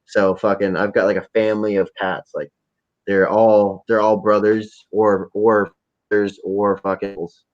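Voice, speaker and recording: A man's voice: on the low side, flat delivery, normal speed. Profane rambling guy, lo-fi. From Canada. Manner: rambling, profane, jokey storytelling. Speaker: livestream host. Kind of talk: casual livestream chat. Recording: dull lo-fi stream audio.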